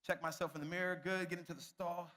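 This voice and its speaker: A man's voice: high-pitched, fairly even intonation, fast talker, pushed and bright. A young man, a youth pastor, telling a self-mocking story to a youth group and addressing them directly.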